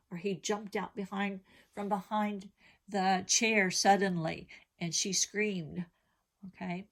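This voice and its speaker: Patient woman teaching young children. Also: fairly low pitch. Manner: patient, explains slowly with simple examples and questions to children. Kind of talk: elementary vocabulary lesson.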